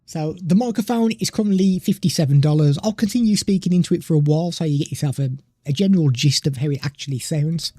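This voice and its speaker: Talking fast in a warm, fairly high voice, a man hosts a relaxed live tech product demo at his home desk, chatting loosely and occasionally stopping to speak to his pet. He uses a desk studio microphone fed through a mixer, and the recording has no room sound.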